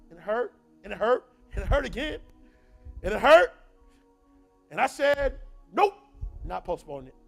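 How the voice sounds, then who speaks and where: A man's voice: very high-pitched, creaky. A young man giving a motivational talk at a university event, with a call-and-response preaching rhythm. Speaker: motivational speaker.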